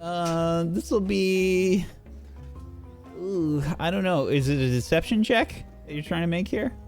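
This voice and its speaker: A man's voice: high-pitched, takes it slowly, darkish tone, soft background music. A man working as game master in a tabletop role-playing game, making hesitant rulings with fillers.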